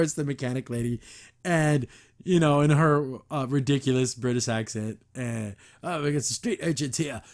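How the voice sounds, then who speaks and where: A young man hosting a podcast, recapping and reacting to a cartoon episode in a casual, enthusiastic, rambling way. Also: a little high. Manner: enthusiastic, rambling, frequent restarts and laughs.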